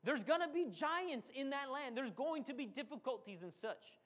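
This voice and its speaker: A man's voice: very high-pitched, lively intonation, moderate pace, a bit bright. A man preaching a sermon, dramatic and repetitive, briefly acting out the voices of the people he quotes. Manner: dramatic, repeats phrases for emphasis, acts out voices of the people he quotes.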